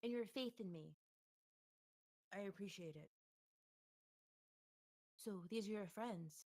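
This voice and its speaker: A woman voicing a nervous man just freed from an owl curse, pleading in earnest, halting lines. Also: high voice, darkish tone.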